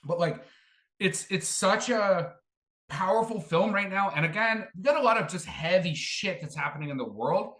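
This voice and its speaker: A man's voice: high-pitched, animated, moderate pace, a bit bright, roomy sound. A man co-hosting a casual movie review podcast, enthusiastic and rambling, full of fillers and the odd swear word. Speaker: podcast co-host.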